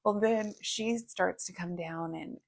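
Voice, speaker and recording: Gravelly woman telling a lively story. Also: lowish voice, unhurried. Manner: animated storytelling with many fillers. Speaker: podcast co-host. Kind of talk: casual chat.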